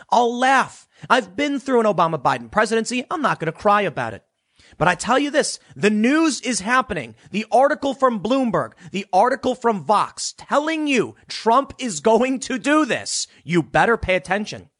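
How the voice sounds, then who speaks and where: Male commentary host, lively swinging pitch, sarcastic delivery, dry close-mic sound. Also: normal speed, no echo. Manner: animated, sarcastic, mocking voices of opponents. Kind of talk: solo political commentary.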